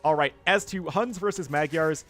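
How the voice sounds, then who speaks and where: A man's voice: a little high, moderate pace, a bit bright, faint music behind. A man with a General American accent casting a live strategy game, chatty and casual and laughing often. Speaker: caster. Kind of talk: live game commentary reading chat.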